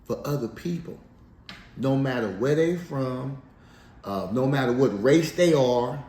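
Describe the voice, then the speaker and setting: A man telling his life story in a casual interview, animated and slangy, laughing as he goes. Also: medium pitch, unhurried. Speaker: interview guest. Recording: echoey room, faint background noise.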